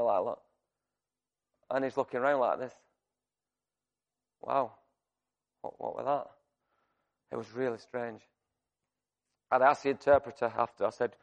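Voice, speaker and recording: A man preaching a sermon, telling a personal story in a conversational, animated way with many restarts. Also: mid-range voice, lo-fi sound. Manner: shouts to act out screaming.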